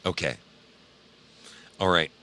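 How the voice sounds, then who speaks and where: A tired livestream host chats casually with viewers, reading their names aloud as he drawls and swears freely. His low voice takes things slowly and sounds pushed and bright.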